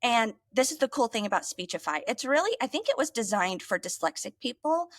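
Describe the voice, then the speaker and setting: A woman's voice: a little high, big pitch swings, fairly quick, no echo. A woman co-hosting a podcast in casual, emotional chat. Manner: emotional, tearful at times, chatty. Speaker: podcast co-host.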